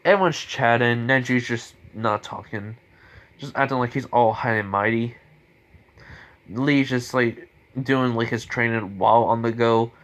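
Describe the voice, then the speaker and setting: A man's voice: medium pitch, fairly even intonation, measured pace, fairly bright tone. A man improvising a spoken fan story in a rambling, casual way, full of restarts and chuckles.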